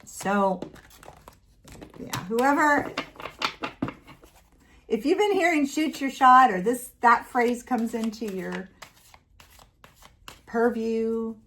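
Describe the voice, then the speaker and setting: A woman's voice: fairly high pitch, lively intonation, extremely slow, long pauses, fairly bright tone, slight background noise. A woman giving a casual tarot reading to viewers, chatty and playful, breaking off to talk to her dog. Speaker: tarot reader.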